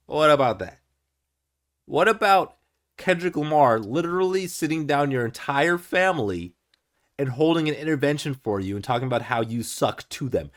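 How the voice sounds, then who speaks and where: A man's voice: a little high, lively intonation, normal speed. A man whose first language is German, giving casual reaction commentary as a music reaction host, exasperated and mocking.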